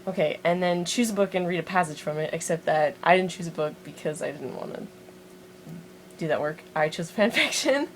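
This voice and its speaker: A woman with a lowish voice and a Montana accent talks through an accent challenge on her vlog, reading words off a list and tossing in self-deprecating asides. She records on the small built-in mic of a handheld device, with a faint hiss underneath. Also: expressive, a little fast, low-quality recording. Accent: American, Montana. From Montana, USA. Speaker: vlogger doing an accent challenge. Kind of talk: casual chat and reading a word list aloud. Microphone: built-in mic of a handheld music player.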